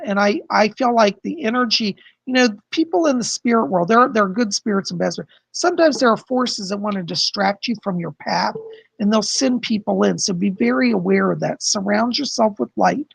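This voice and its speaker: A man's voice: high voice, vocal fry, husky, no echo. A man hosting a live-stream psychic reading, effusively thanking viewers, calling them darling and passing on messages from spirits. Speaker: psychic host.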